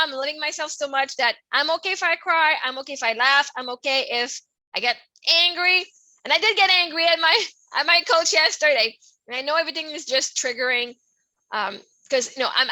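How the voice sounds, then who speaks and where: On her podcast, a middle-aged French Canadian host talks through a rambling personal monologue that keeps returning to "right?" Her bright, high voice is expressive and full of laughter, shifting between hushed softness and loud bursts. It's recorded dry and close with no room sound, but the quality is low.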